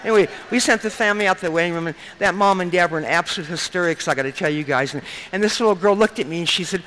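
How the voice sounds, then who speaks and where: Fast, bright-voiced woman telling her story. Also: fairly low pitch, expressive, a little hiss or hum, poor audio. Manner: earnest, repeats phrases, often adds "and stuff". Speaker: speaker sharing at a recovery meeting. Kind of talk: personal testimony told to a group.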